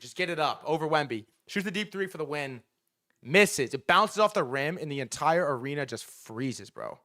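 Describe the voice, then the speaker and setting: A young man hosting a livestream, telling a story in an excited, rambling way, his voice a bit sore from screaming. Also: a little high. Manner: breathless, rambling, lots of "bro" and restarts. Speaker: livestream host.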